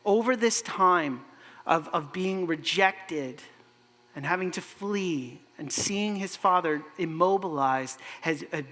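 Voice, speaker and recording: A man preaching a sermon as a pastor, conversational and animated, with asides to the congregation. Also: sits high, slow pace. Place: church sanctuary. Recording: echoey church hall.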